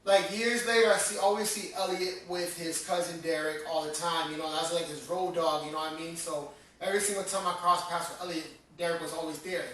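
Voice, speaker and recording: A man's voice: a little high, steady tone, fairly quick, hardly any pauses, a bit bright, a little hiss or hum. A man from Massachusetts co-hosting a casual podcast as a DJ, telling rambling stories and swearing freely. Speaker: DJ and podcast co-host. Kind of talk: casual chat. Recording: echoey room, distant mic.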